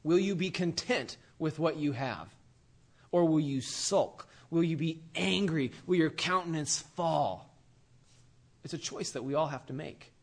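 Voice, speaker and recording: A man's voice: fairly high pitch, a little slow. Slangy, laid-back male preacher. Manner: laid-back, slangy and animated, acting out characters. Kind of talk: casual sermon.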